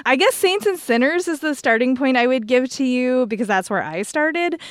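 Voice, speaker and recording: A woman's voice: high voice, animated, moderate pace, smooth, no echo, clean studio sound. A woman co-hosting a book podcast, recommending novels in a rambling, enthusiastic way. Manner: rambling, enthusiastic, restarts sentences. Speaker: podcast co-host. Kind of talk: casual book chat.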